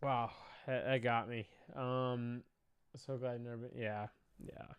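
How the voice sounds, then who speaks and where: Young guy reacting to drama, slow, sighs a lot, curses, smooth voice. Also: mid-range voice, little pitch movement, no room sound. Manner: emotional, sighing, swearing, trailing off. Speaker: commentary streamer. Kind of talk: casual reaction commentary.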